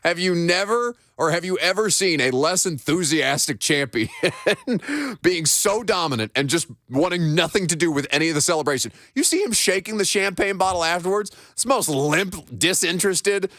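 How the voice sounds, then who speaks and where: A man hosts a sports talk show, riffing with animated, mock-incredulous energy. His voice sits a little high. The mic is close and dry. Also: moderate pace, no room sound. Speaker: sports radio host. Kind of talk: casual sports radio chat.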